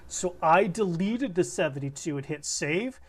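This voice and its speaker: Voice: mid-range voice, animated, a little slow. A game master walking players through rules and character sheet fixes, patiently and methodically, restarting sentences to rephrase. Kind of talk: explaining rules in a casual online game session.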